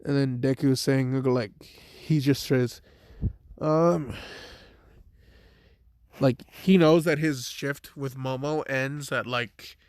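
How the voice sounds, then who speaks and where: Slow rambling young man telling a story. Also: mid-range voice, fairly even intonation, darkish tone, smooth, no room sound, studio quality. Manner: rambling, heavy "like" and "type shit" fillers. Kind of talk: casual improvised fan-story retelling.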